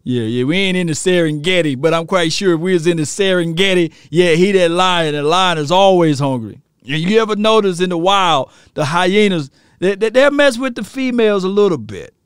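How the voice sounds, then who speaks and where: A man hosting a sports stream, telling slangy, excitable stories and laughing often. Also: high-pitched, normal speed, hardly any pauses, clear, resonant tone, no room sound, studio quality. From rural area. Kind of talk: animated sports talk.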